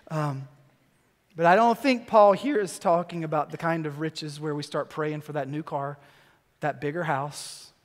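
A man in his thirties preaching a sermon in a church, telling a story with quick, lively asides. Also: fairly high pitch. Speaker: pastor. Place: church sanctuary. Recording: long church hall reverb.

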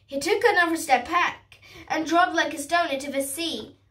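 A woman reading a storybook aloud, carefully and haltingly, restarting words as she goes. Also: sits high, sharp tone, distant mic.

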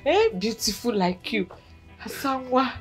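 An actress with a Nigerian accent playing a kind, motherly village woman who comforts and coaxes with soft questions. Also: a little high, big pitch swings, measured pace, breathy edge, soft background music, exaggerated voice. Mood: soothing. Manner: soothing, coaxing, gently questioning.

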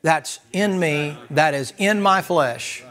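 A man preaching a sermon in a folksy, animated way, acting out little dialogues. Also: fairly high pitch, slow.

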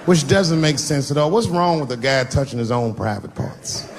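A man doing stand-up, telling family stories and acting out high, shouting voices for his son and wife, recorded live on a comedy stage. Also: expressive, moderate pace. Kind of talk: stand-up storytelling. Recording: live club set with audience noise.

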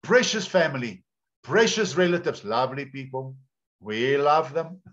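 A man's voice: medium pitch, expressive, a little slow, a bit bright. Man preaching a sermon. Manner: conversational storytelling preacher, repeats words. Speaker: pastor. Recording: dull lo-fi sound.

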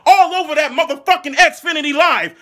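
A man from Philadelphia rants as an outraged football fan in a high, piercing voice. He mocks and curses without pause and keeps erupting into shouts. The tone is bright and forceful throughout. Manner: furious, mocking, heavy swearing, shouting bursts. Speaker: angry football fan ranting. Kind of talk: profane comedic sports rant.

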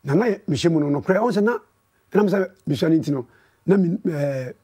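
Ghanaian male musician guest, husky, mellow, laid-back. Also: on the high side, lively intonation, brisk. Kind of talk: casual interview chat.

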